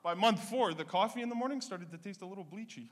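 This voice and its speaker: A man, doing a stand-up comedy set with punchy, animated storytelling. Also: high-pitched, quick pace, noisy background. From Canada (Ontario).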